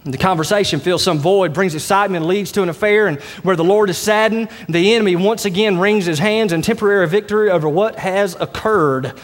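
A man's voice: sits high, a little fast, hardly any pauses, long reverb tail. A man preaching a sermon as pastor, emphatic with folksy asides. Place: church sanctuary.

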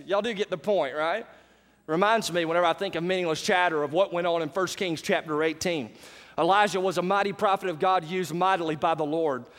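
A male pastor, preaching in an animated storytelling way and asking the congregation questions as he goes. His voice sits high for a man. The sound carries a long reverb from a large church hall. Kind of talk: sermon.

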